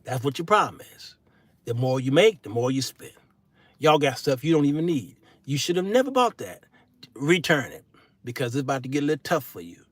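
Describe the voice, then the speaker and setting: A middle-aged man hosting his own show in a solo monologue, turning from preachy sermonizing to folksy comic storytelling with shouted punchlines. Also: mid-range voice, big pitch swings, a little fast, no room sound. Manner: folksy, casual speech. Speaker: show host.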